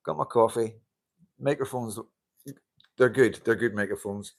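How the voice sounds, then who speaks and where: A man's voice: medium pitch, measured pace, vocal fry, pauses often. A man hosting a casual live-stream chat, greeting viewers, laughing often and swearing casually into a handheld mic. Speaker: livestream host. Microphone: handheld wireless mic.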